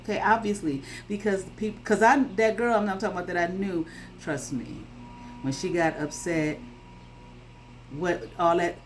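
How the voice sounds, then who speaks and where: A tarot reader gives her viewers a casual reading in a lowish, steady voice at a moderate pace. She's blunt and emphatic, swears freely, and keeps checking in with "okay?", though the audio is poor with a little hiss or hum.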